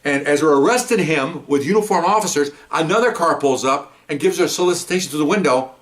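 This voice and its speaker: A man's voice: fairly high pitch, fast, fairly bright tone. An older man, a retired police officer, telling stories in a casual, rambling way with frequent restarts and asides. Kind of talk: casual anecdotal storytelling.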